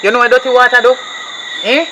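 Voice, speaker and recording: A man with a Jamaican accent playing a strict, loud mother who scolds hard in patois. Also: very high voice, flat delivery, fast. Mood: scolding. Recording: noisy outdoor night recording, loud crickets.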